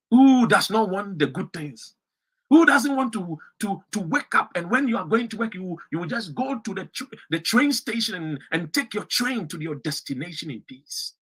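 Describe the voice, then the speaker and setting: Fiery Ghanaian man, bright husky voice. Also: lively intonation, moderate pace. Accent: Ghanaian English. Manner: fiery, rising to shouts and dropping to low emphasis. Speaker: political commentator. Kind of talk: impassioned political speech.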